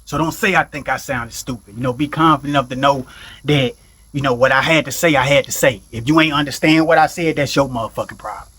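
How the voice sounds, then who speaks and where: A man's voice: mid-range voice, fast talker, fairly bright tone, breathy edge. A man hosting a mindfulness podcast, giving a loose, conversational motivational talk, blunt and salted with profanity, often checking in with the listener. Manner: loose and conversational, keeps asking "you know what I'm saying?".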